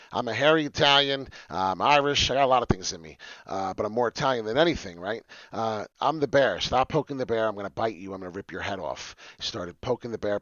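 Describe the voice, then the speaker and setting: A man hosting a casual crypto livestream, loud and rambling, swinging from muttering asides to shouting with passion. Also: mid-range voice, dry recording, muffled recording. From New York. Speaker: crypto trading streamer.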